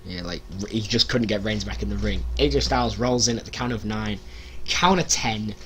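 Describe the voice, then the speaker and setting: Excited man recapping wrestling. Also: lowish voice, normal speed, a little hiss or hum. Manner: excited, animated, imitates people with loud shouts. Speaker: wrestling results vlogger. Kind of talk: casual recap vlog.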